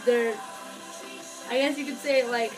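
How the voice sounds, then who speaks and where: Chatty high-voiced young woman vlogger. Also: steady tone, measured pace. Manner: chatty, gushing, many fillers. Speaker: music vlogger reviewing an album. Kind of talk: casual album review vlog. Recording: music playing under the voice. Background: song playing in background.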